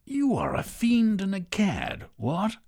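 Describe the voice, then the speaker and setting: A man voicing a pompous, blustering old lord who tacks "what?" onto his sentences, in a raised, husky voice. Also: sits high, wildly swooping pitch, takes it slowly, a little mellow, pitched above the performer's own voice, heavily acted.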